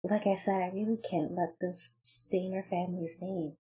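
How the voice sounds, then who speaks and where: A woman's voice: fairly low pitch, fairly even intonation, normal speed, close to an everyday voice, low-quality recording. A woman voicing a sorrowful, coldly disappointed queen. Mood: grave sorrow. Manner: quiet, solemn, grave.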